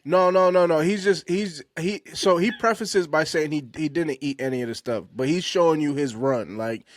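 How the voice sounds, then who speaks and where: A man's voice: a little high, normal speed. A man hosting a casual panel podcast, laid-back and slangy, often laughing while he introduces clips. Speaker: podcast host.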